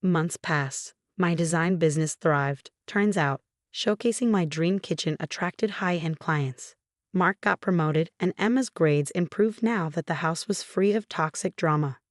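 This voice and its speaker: A woman narrating a first-person family drama story in an even, measured storytelling manner. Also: lowish voice, no room sound, studio quality.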